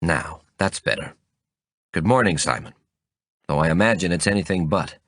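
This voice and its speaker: A man voicing a gruff older British man who talks in brisk, clipped phrases in an audiobook reading. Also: sits low, a bit bright, dry recording, clean studio sound. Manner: clipped, brusque, uses "old son".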